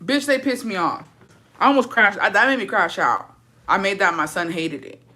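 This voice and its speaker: A woman's voice: medium pitch, animated, normal speed, pushed and bright. A young woman livestreaming, chatting casually and answering viewer comments in a blunt, profane and dramatic way.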